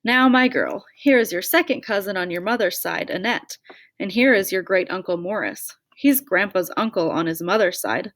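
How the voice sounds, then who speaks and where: A woman voicing an affectionate, bossy older grandmother who talks loudly and fondly. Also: medium pitch, moderate pace, lightly acted. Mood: doting. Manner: loud, scolding then doting.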